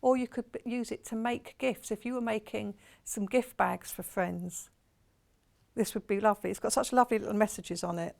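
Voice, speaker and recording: A woman's voice: mid-range voice, steady tone, normal speed, vocal fry. A woman with a Portsmouth accent presenting products live on a shopping channel in a television studio, chatty and rambling, gushing over what she shows. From England.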